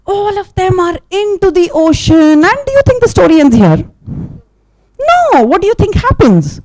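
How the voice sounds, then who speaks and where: Her voice very high and her speed normal, a woman animatedly narrates a story for children at a live event, making sound effects and repeatedly questioning her listeners. It's a dry recording.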